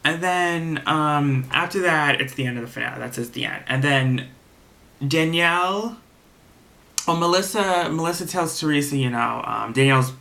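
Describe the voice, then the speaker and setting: Bright-voiced man recapping reality TV. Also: on the high side, moderate pace, creaky. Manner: animated, profane, retells scenes in quoted voices. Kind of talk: casual episode recap.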